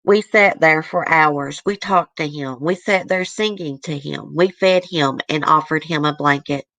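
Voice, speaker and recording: A woman's voice: low voice, a little slow, fairly bright tone, no room sound. A woman host reading a letter aloud to her viewers in an earnest, easily moved way, stopping now and then to comment.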